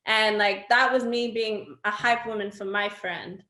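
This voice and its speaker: A young adult woman talks as a guest on an interview show, spinning personal stories in a loose, animated way with plenty of fillers and laughter. Her voice sits at a middle pitch. The room around her is echoing and roomy. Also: a little slow. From Australia. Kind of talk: casual storytelling conversation.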